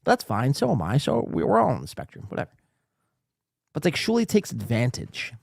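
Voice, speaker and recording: A man's voice: medium pitch, brisk, gravelly, breathy edge, no echo, clean studio sound. A man hosting a reaction podcast, ranting and swearing in casual commentary. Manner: profane, ranting, excitable. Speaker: podcast host.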